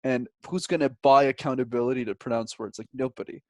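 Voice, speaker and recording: Canadian guy on a podcast, jokey animated storyteller, dry close sound. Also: mid-range voice, fast, no echo. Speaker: guest. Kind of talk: casual interview chat.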